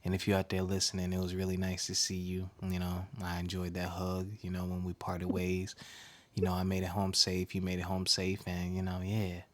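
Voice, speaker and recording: A man doing a hushed late-night radio crooner. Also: deep voice, completely flat delivery, fairly quick, voice pushed down. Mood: crooning. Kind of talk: comic bit on a podcast.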